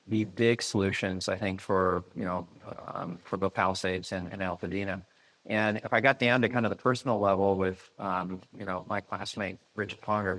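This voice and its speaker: A man speaking on a panel in a measured way, with frequent "you know" fillers. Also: fairly low pitch, a bit bright, poor audio. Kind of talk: panel discussion.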